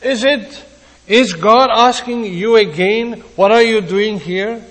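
A man preaching a sermon, earnest, with pauses and restarts, his voice rising and dropping. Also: high-pitched, fairly bright tone, big-room sound, rough recording.

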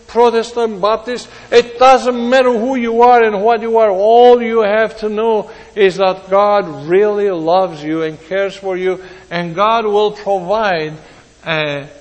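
A man preaching a sermon, acting out the quoted speakers with dramatic repetition. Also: high-pitched. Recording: long reverb of a large hall.

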